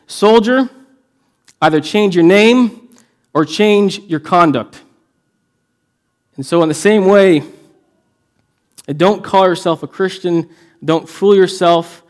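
High-voiced preaching man. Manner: earnest, emphatic preaching with frequent restarts. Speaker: pastor. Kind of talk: sermon.

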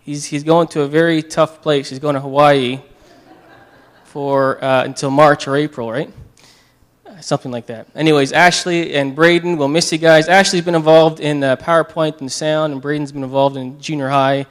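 Male pastor, halting and tearful, slightly high voice. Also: fairly even intonation. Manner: halting, many fillers and restarts. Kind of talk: church prayer and announcements.

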